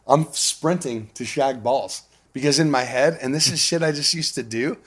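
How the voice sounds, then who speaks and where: A man being interviewed, telling stories in a casual, animated way with a lot of swearing and frequent laughter. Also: medium pitch. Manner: profane, animated, laughs often. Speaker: guest. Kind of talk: casual storytelling.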